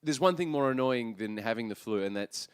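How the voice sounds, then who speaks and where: A male podcast co-host chats loosely and jokes between frequent laughs. His pitch rises and falls in lively swings. The sound is close and dry. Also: a little fast, clear, resonant tone, dry recording. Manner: laughs often, loose and jokey. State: recovering from the flu. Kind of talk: casual chat.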